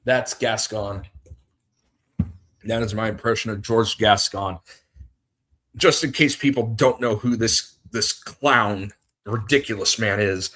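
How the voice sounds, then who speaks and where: A man's voice: lowish voice, slow, long pauses, sharp tone. A man hosting a casual livestream, rambling and greeting viewers as they arrive. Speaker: livestream host.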